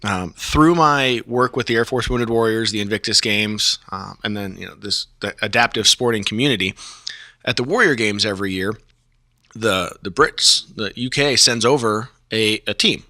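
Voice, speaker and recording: A man's voice: on the low side, normal speed, bright, forceful tone, no room sound, clean studio sound. A man guest on a podcast, telling a story casually with many fillers and chuckles.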